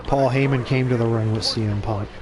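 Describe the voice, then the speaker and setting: A man's voice: medium pitch, fairly even intonation, brisk, a crowd in the background. A man giving casual gameplay commentary for his channel, rambling and profane, often chuckling. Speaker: gaming channel host.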